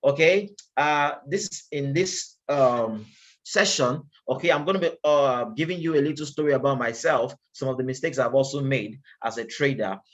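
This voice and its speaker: Man, webinar presenter; conversational and emphatic, ordinary mid pitch, frequent rhetorical questions. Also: normal speed. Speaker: webinar presenter for a trading broker. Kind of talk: casual webinar lecture.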